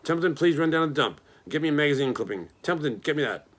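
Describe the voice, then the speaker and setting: A man's voice: on the high side, animated, very fast, voice pushed up. A man voicing a grumpy, selfish male rat who talks in a mocking, complaining way. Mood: disgusted.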